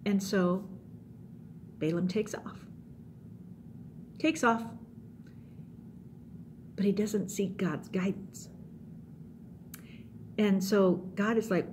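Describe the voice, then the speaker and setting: A middle-aged woman giving an animated youth sermon, telling stories and acting them out. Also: medium pitch, very slow, long pauses, a little hiss or hum. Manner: animated, acts out scenes with voices. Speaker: youth pastor.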